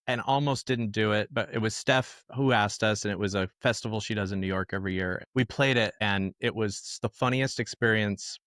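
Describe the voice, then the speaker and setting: A man, a musician guest on a podcast, telling lively conversational anecdotes in a casual storytelling style. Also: lowish voice, a little fast, few pauses, no room sound, clean studio sound.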